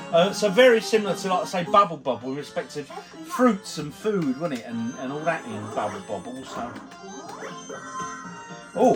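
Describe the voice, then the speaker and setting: A man, a few beers in, chatting and bantering casually while he plays retro games at home. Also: on the high side. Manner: chatty, jokey banter, commentating while playing. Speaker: retro gaming vlogger. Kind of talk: casual gaming vlog chat. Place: at home, indoors. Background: game music.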